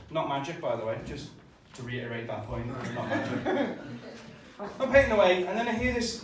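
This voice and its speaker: A man with a slightly high voice speaks at a normal pace, doing a sweary, conversational stand-up set in a small club and bantering with the crowd. The recording is distant and echoey, a live venue capture with heavy noise, and audience laughter fills the background.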